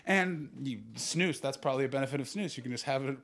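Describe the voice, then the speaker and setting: A Canadian man in his thirties telling a stand-up comedy story and bantering with the audience, swinging from loud outbursts to low asides. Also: fast. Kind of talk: stand-up comedy with crowd work.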